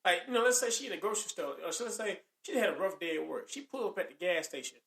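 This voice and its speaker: Animated man in an echoey room. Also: high-pitched, quick pace, gravelly. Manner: animated, acts out quoted lines, laughs often. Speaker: podcast co-host. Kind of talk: casual chat.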